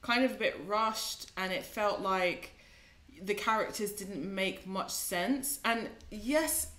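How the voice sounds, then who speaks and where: A woman's voice: medium pitch, slow pace, fairly bright tone. A woman co-hosting a casual film review show, speaking in a hesitant, conversational way with many restarts. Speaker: podcast co-host. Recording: roomy echo.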